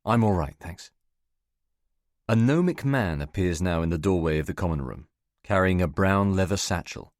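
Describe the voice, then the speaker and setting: A man giving measured, scripted first-person narration of a novel for an audiobook. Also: low-pitched, expressive, no echo, clean studio sound.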